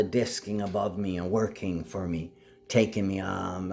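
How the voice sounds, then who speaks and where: A man talks straight to the camera in a loose, rambling monologue, his voice sitting a little low. He drops into low mutters and half-finished sentences, then jumps into sudden high, loud outbursts. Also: steady tone, unhurried. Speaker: vlogger.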